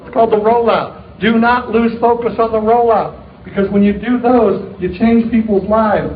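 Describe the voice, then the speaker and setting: A man's voice: high-pitched, steady tone, brisk, hardly any pauses, echoey room, a little hiss or hum. A middle-aged man giving an upbeat motivational talk to a live audience, telling joking stories in a punchy way. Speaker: sales leader speaking at a distributor meeting. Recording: tinny, narrow-band recording of a live talk.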